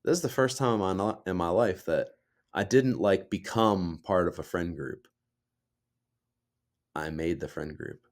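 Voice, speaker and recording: Low voiced podcast guy, cusses a lot, rambling heartfelt stories, just chatting. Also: a little slow, pauses often. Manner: swears freely, rambling heartfelt storytelling. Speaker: podcast co-host. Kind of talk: casual chat.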